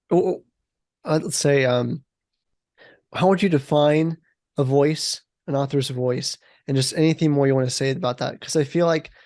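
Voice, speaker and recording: A woman's voice: extremely low pitch, darkish tone, no room sound, studio quality. A woman hosting an interview who hesitates and searches for words as she asks questions. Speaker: interview host. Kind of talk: casual interview.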